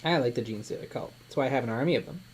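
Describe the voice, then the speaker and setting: A man's voice: medium pitch, racing, darkish tone, slight background noise. A man co-hosting a live miniature-painting stream, chatting in an easygoing way and often murmuring agreement. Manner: easygoing, lots of agreeing "mm-hmm". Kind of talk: casual chat.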